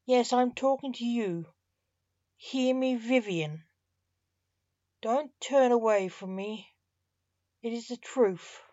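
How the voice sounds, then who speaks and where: A woman's voice: a little high, takes it slowly, pauses often, warm tone, no room sound, highs cut off, voice pushed up. A woman voicing a stern skeletal Reaper. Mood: declaiming. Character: stern skeletal male Grim Reaper in monk's robes.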